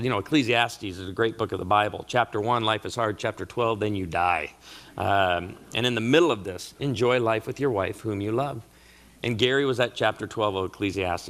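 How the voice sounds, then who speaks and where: A middle-aged man speaks to a marriage conference audience in a sermon-style talk, his voice bright and forward. He tells stories with lively comic timing. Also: on the low side. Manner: animated storyteller with comic asides.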